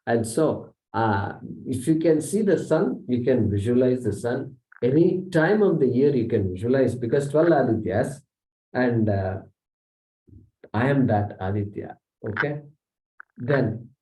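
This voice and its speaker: A man teaches a scripture class, his voice mellow and low in brightness. He explains patiently, recites verses and keeps checking in with "okay". The mic sits some way off in a roomy, echoing space. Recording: echoey room, mic distant.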